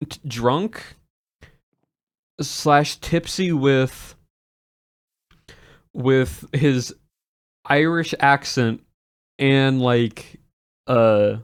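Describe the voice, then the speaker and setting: A man's voice: mid-range voice, no room sound, studio quality. A man streaming and chatting casually to his viewers, rambling with many restarts and chuckles.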